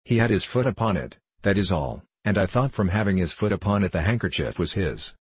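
A man reading the part of a hot-tempered young Gascon in an audiobook, earnest and quick to take offence. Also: deep voice, expressive, breathy edge, no room sound.

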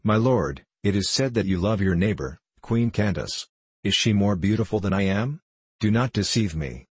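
A playful young queen who coaxes and teases with endless questions, read by a man. The voice stays deep and slightly husky, recorded close and dry. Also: animated, moderate pace, dry recording. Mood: teasing. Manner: coaxing, teasing questions.

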